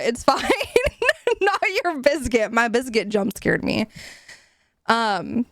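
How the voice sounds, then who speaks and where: A young woman streaming from home, chatting casually with her chat, giggly, swearing often and animated. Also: a little high, slow pace, dry recording. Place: home room.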